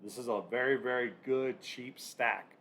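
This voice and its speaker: Halting man talking through picks. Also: mid-range voice, steady tone, a bit bright. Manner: halting, many fillers and restarts. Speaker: sports betting channel host. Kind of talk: casual fantasy football picks breakdown.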